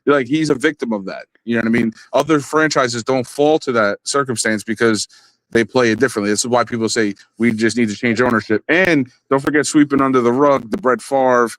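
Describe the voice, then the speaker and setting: A man's voice: medium pitch, a little fast, a bit bright, no room sound, rough recording. A man co-hosting a live sports talk show, ranting animatedly with strong opinions.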